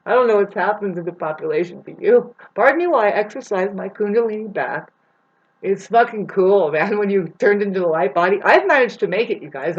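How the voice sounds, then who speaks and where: A vlogger speaking straight to viewers in a rambling, profane spiritual monologue, halting over restarts and fillers, jumping between loud bursts and low muttering. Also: breathy edge. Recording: muffled lo-fi recording.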